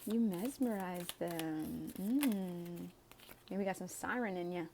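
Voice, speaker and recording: A woman's voice: fairly low pitch, slow pace, mellow, slight background noise. A woman doing a casual tarot reading for viewers. She reads the cards aloud in a chatty way, with sighs and laughs along the way. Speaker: tarot reader.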